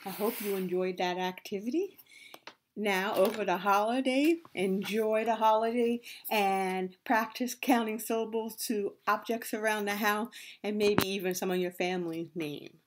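A woman teaching young children, repeating words slowly and spelling them out syllable by syllable with steady encouragement. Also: medium pitch. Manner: slow, drawn-out syllable-by-syllable repeating of names, encouraging. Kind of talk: online class lesson for young children. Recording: loud steady background noise with clicks.

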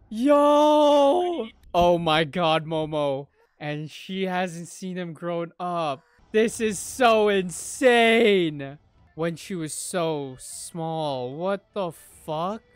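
A young man delivers live reaction commentary on an anime, swearing freely and erupting into excited shouts. Between outbursts he talks slowly and lingers on his words. Faint soundtrack music plays underneath his voice. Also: sits high, clear, resonant tone.

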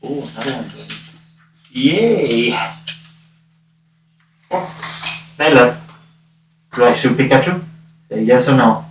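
A man's voice: medium pitch, lively intonation, takes it slowly, long pauses. A man playing a wisecracking masked male antihero with a gun during a livestream, talking to viewers in a cocky, teasing way, his voice muffled by a mask. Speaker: cosplayer livestreaming. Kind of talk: in-character livestream banter. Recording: roomy, distant mic, noisy.

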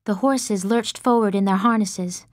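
A woman narrating an audiobook in the first person, measured and expressive, close to the mic. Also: mid-range voice, dry recording.

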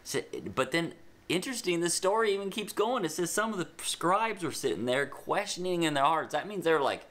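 His voice a little high, a man teaches kids a Bible lesson, emphasizing the story in an animated way and adding casual asides along the way. Dictating notes, he slows down.

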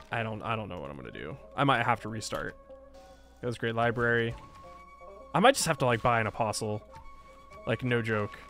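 A man's voice: mid-range voice, bright, forceful tone. A man commentating his strategy game, thinking aloud and exasperated at setbacks. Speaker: gaming YouTuber. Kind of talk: let's play commentary.

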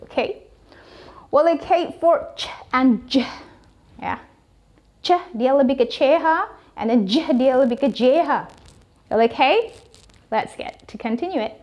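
A woman's voice: fairly high pitch, darkish tone. A young woman with an Indonesian accent teaching English pronunciation in an online lesson, drawing out and repeating example words. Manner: slow, drawn-out example words, repeated for practice.

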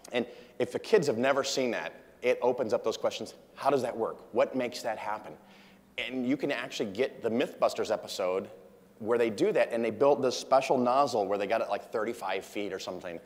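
A man giving a casual, jokey conference talk, acting out quotes from an anecdote. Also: fairly low pitch. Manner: chatty, jokey, acts out quotes. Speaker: conference speaker. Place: large conference hall. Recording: long hall reverb.

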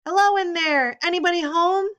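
A woman voicing a loud, eccentric old delivery man who yells and cackles in an audiobook reading. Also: extremely high pitch, a little fast, voice pushed up. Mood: boisterous. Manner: yelling, boisterous.

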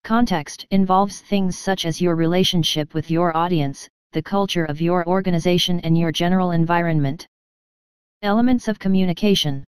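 Woman reading course lesson, crisp and dry. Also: lowish voice, a little mellow, no echo. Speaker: course narrator. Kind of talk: scripted narration.

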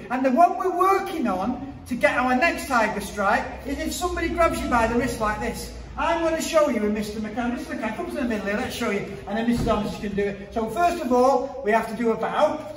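High-voiced man leading a kids' class. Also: a bit bright. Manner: upbeat and playful, counting drills and joking. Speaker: martial arts instructor. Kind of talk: teaching a children's martial arts class to camera. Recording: echoey hall, far from the mic.

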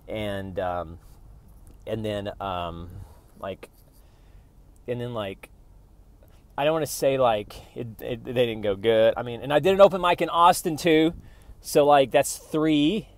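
A man from Oklahoma doing a rambling, sarcastic stand-up bit, mocking what he reads with put-on voices. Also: medium pitch. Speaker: comedian.

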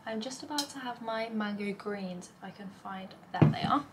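A woman's voice: mid-range voice, normal speed, heavy background noise. Tired, rambling young woman vlogging. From England. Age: young adult. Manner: rambling, talks in run-on lists with many "like" fillers. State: tired and overwhelmed. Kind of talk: casual chatty vlog. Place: home, indoors.

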